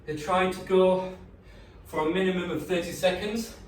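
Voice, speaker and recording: A slightly high-voiced man guides a home leg workout with easygoing, encouraging cues and plenty of fillers. He sounds out of breath, and his voice bounces around an echoey room, picked up from a distance. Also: fairly even intonation, moderate pace, a little hiss or hum. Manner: encouraging, casual coaching talk with fillers. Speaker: fitness coach. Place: indoors at home.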